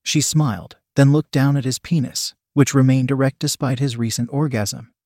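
A man reading a story aloud as a narrator, in an even, unhurried storytelling manner. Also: medium pitch, no echo, clean studio sound. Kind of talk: scripted audiobook narration.

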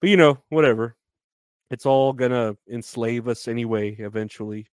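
A man's voice: mid-range voice, moderate pace. A man hosting a casual solo podcast, rambling loosely with many fillers and frequent laughs. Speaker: podcast host.

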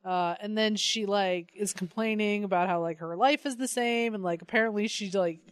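A woman's voice: mid-range voice, normal speed, dry recording, clean studio sound. A woman co-hosting a podcast in casual comic chat, sarcastic, swearing freely and laughing often. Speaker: podcast co-host.

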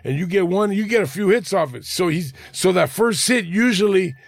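Gravelly-voiced man spinning a street story. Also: sits high, animated, normal speed, dry recording, clean studio sound. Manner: loose, profane street slang, conversational. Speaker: podcast host telling a story. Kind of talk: casual storytelling chat. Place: podcast studio.

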